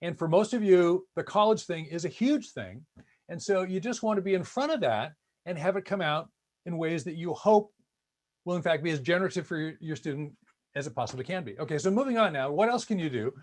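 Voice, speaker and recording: A man's voice: fairly high pitch, brisk. A man giving an online lecture-style talk, telling stories and acting out the voices of students and parents. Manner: animated storyteller acting out quoted voices. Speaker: speaker.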